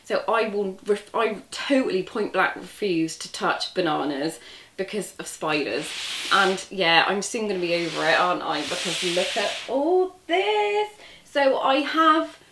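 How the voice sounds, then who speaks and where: A woman chatting excitedly in a casual vlog, gushing as she unboxes a parcel, a little away from the camera. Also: mid-range voice, moderate pace, roomy sound, noisy background. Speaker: crochet vlogger. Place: indoor room at a table. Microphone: camera set back from her.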